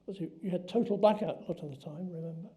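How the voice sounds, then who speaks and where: Older man, high-pitched yet dark tone, hesitant explaining. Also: fast. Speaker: interviewee recalling wartime. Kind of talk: oral history reminiscence.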